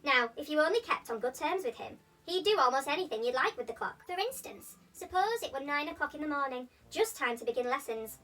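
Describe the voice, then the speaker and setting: A contrary storybook hatter who scolds and explains in a lively, swooping voice, huffy and theatrical, as a woman puts him on. His tone is bright and high. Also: a little fast, hardly any pauses, far from the mic. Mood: confiding. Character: mad, contrary male hatter at a tea party.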